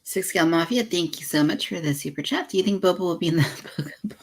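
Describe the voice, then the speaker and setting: A woman's voice: lowish voice, quick pace. A woman hosting a livestream, chatting and laughing as she reads out viewer messages. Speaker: livestream host. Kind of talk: casual chat on a livestream.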